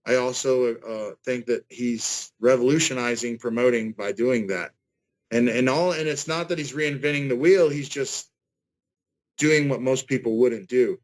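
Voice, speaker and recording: A man's voice: mid-range voice, unhurried, poor audio. Earnest forty-year-old man rambling. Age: 40s. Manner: earnest, rambling with restarts and repeats. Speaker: guest fighter. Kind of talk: casual interview over a call. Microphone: video call.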